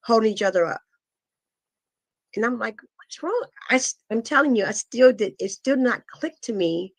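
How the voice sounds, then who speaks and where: Halting middle-aged woman, dry close sound. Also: mid-range voice, dry recording. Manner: halting, with many pauses and fillers; earnest, intense retelling. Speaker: guest, asthma foundation founder. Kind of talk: emotional personal testimony.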